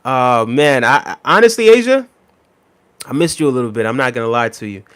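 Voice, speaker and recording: A young adult man streaming live, reading viewer chat with an easygoing manner, many ums and friendly shout-outs. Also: mid-range voice, expressive, quick pace, smooth.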